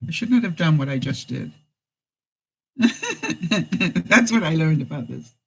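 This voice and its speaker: A woman's voice: sits low, very animated, slow, gravelly, husky, low-quality recording. A middle-aged woman vlogger giving life advice in a live chat, telling stories, acting out quoted lines and laughing often. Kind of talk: live-stream chat, reading viewer comments.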